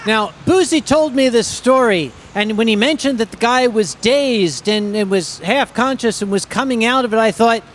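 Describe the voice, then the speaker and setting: A man's voice: very high voice, moderate pace, few pauses, slight background noise. A man on a convention panel chatting casually and joking with his co-panelists.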